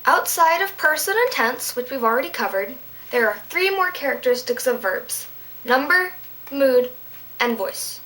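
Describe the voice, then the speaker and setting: A woman tutoring Latin in a casual home video, her voice sitting a little high. She keeps things playful with goofy asides and jokes at her own expense. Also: expressive, moderate pace, pushed and bright, poor audio.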